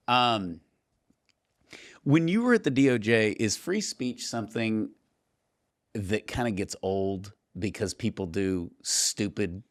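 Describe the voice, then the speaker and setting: Chatty lively male podcast host. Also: on the low side. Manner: animated storyteller, laughs often. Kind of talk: casual conversation.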